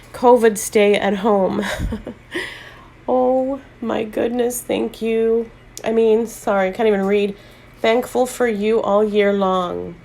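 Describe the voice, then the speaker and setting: Middle-aged woman, gravelly and slow, near tears, gushing unboxing vlog host. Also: mid-range voice, mellow. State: choked up. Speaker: tarot channel host.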